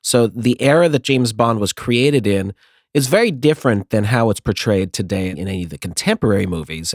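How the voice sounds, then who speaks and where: A man hosts a talk show, framing the discussion and posing questions. His voice is fairly low, recorded dry and close with no room sound. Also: dry recording. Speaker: host. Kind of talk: conversational interview.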